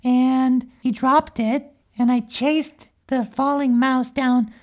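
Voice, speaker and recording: Woman playing a high, giggly little unicorn girl for a comedy podcast, rambling and mischievous. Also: fairly even intonation, slow pace, a little mellow, dull audio. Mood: chatty. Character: cheerful young magical unicorn girl, mischievous. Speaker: podcast character. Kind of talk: improvised comic storytelling.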